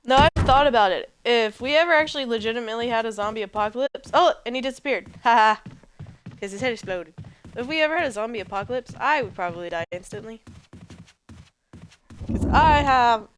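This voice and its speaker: A woman's voice: a little high, animated, a little fast, background noise. A woman giving let's play commentary as a gaming host, chatty and jokey and rambling as she plays.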